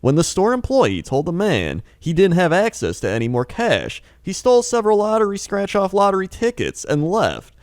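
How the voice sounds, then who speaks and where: A man putting on a low, deadpan voice to read a story like a late-night video narrator. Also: no echo, clean studio sound, exaggerated voice. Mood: solemn. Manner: deadpan, slow, low news-reading delivery. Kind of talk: mock news reading.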